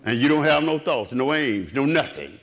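A man preaching a sermon, swinging from low, quiet murmurs up to raised cries. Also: big pitch swings, normal speed.

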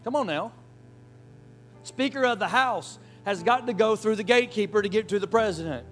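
A man preaching a sermon with emphatic call-and-response, folksy phrasing, and shouted hallelujahs. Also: sits high, moderate pace, faint music behind. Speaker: pastor.

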